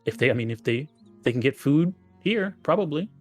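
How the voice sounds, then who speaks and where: A man's voice: fairly high pitch, animated, fairly quick, faint music behind. A man playing a tabletop game, talking casually and hesitantly with many fillers. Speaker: player.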